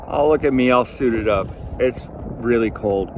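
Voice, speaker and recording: A young man from Maine talking casually to camera while metal detecting outdoors, rambling and restarting his sentences. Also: medium pitch. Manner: rambling, chatty, halting restarts. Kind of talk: casual outdoor vlog narration. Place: outdoors in a cold field. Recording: outdoor wind and ambient noise.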